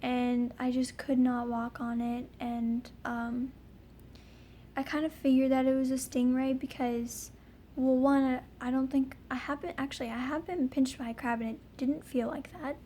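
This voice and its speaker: A woman's voice: sits high, level tone, moderate pace, warm tone, slight background noise. A young woman telling a personal story in a casual vlog, rambling with lots of ums and likes. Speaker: vlogger.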